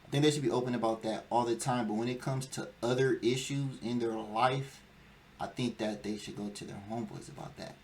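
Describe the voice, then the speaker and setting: A man's voice: medium pitch, steady tone, brisk, a little mellow, slight background noise. A young man hosting a casual dating talk show, laying out his views emphatically and acting out whiny quotes. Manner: emphatic, lecturing, acts out quoted whining. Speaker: podcast host. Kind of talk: casual chat.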